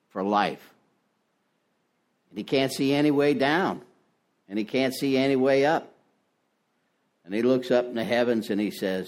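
A man's voice: medium pitch, darkish tone. An older man telling his recovery story at a meeting, folksy and self-deprecating, with lots of "you know". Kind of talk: personal testimony talk. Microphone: ear-worn headset mic.

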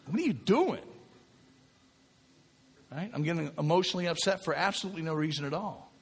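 A man's voice: medium pitch, a bit bright, long reverb tail. A man giving a spiritual talk to a recovery group, speaking conversationally, often checking in with "right?" and repeating himself.

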